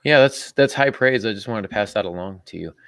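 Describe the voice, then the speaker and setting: A low-pitched man in his thirties hosts a podcast in a loose, joking way, with lots of ums and restarts. His voice has a gravelly fry, and the sound is dry and close. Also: fairly quick, fairly bright tone, dry recording. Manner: chatty, joking, many fillers. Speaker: podcast host. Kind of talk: casual podcast chat.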